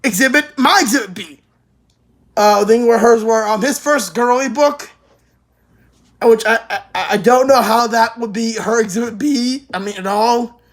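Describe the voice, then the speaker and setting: Young female anime reviewer, high-pitched, excitable, profane, stammers in quick restarts. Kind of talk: casual rant review.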